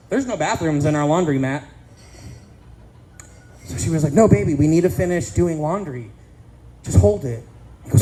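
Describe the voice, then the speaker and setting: A man's voice: fairly high pitch, moderate pace, long pauses, dark tone, low-quality recording. A man in his thirties doing a crude, self-deprecating stand-up comedy set with punchy delivery on a casino stage. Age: 30s.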